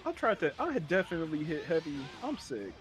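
A man playing a fighting game live, excitable and laughing, with yelps as he plays. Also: fairly high pitch, fast talker, soft background music. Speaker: player. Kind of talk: live gameplay banter.

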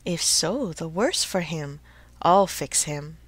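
A woman's voice: low-pitched, lively intonation, slow pace, no echo, full character voice. A woman doing a jittery old carpenter. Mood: frightened. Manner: muttering to himself. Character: old, red-nosed male carpenter, easily frightened.

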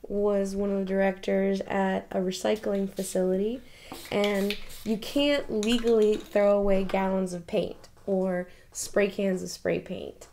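A woman painter speaking candidly in a documentary interview, emotional and quick to laugh, swearing casually. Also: medium pitch, fairly even intonation, warm tone, slight background noise. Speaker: painter interviewed about her life.

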